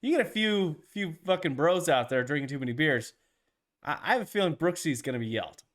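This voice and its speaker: A man with a fairly high, very lively voice, co-hosting a casual golf podcast. He rants in an animated, profane way, his pitch swinging up and down as he gets worked up. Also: brisk. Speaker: podcast co-host.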